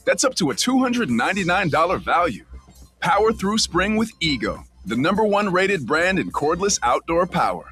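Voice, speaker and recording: A man reading a scripted radio ad in an energetic, salesy way. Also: sits high, moderate pace, faint music behind. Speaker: ad announcer.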